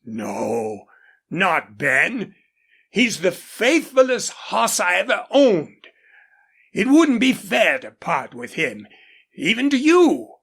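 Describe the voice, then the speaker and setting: A woman voicing an older male rancher, an indulgent, horse-proud father, in a husky, drawling audiobook character voice. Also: mid-range voice, big pitch swings, slow pace, a bit bright, voice pushed up, full character voice.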